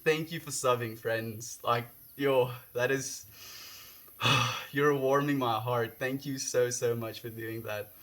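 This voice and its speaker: A young man, raised speaking Afrikaans, chats loosely with his live-stream audience. His voice sits at an ordinary middle pitch, and he gushes with thanks between comments. He is outdoors, talking casually and sincerely. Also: fairly even intonation, slow pace, fairly bright tone. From South Africa. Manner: gushing, heartfelt, reads chat comments aloud. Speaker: livestreamer. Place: outdoors, windy.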